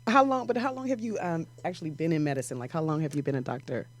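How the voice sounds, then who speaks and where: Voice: mid-range voice, quick pace. A podcast host asking questions in a casual interview, often answering with short backchannels and laughter.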